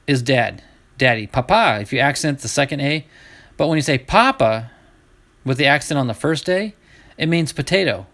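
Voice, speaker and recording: A man's voice: medium pitch, a bit bright. A middle-aged man hosting a live baseball card break, chatting casually with his viewers as he sorts cards. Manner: chatty, talks to chat viewers while sorting cards.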